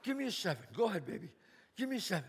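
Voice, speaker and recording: A man playing a loud, bossy, profane mob boss in a one-man stage show. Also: high-pitched, very animated, very fast, background noise. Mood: commanding. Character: brash swaggering mob boss man, middle-aged. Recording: live stage, long reverb, faint ambience.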